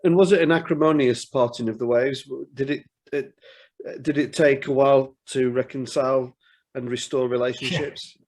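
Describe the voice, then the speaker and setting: A man's voice: mid-range voice, fairly even intonation, normal speed, darkish tone. A man hosting a podcast interview, asking questions in an eager, chatty way with stumbling restarts. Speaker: podcast host.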